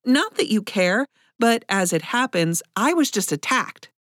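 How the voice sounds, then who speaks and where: A woman's voice: medium pitch, very animated, a little slow, a bit bright, no room sound, clean studio sound. A woman voicing a young female student who speaks defensively and with exasperation. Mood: exasperated.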